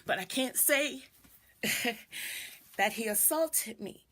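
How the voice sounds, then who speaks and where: A woman's voice: a little high, expressive, takes it slowly, a bit bright. A middle-aged woman hosting a live video, telling a personal story reflectively and greeting viewers as she goes. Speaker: doula and video host.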